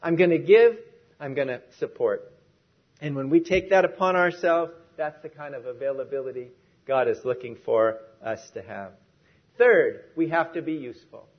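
A man's voice: medium pitch, normal speed, dull audio. A man preaching a sermon in a church, emphatic and repeating key phrases for stress.

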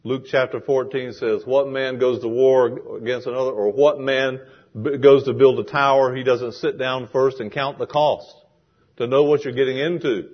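Heard on a dull, lo-fi recording, a pastor gives an animated sermon and slips into character for the lines he quotes. His pitch sits in the middle range and his pace is moderate.

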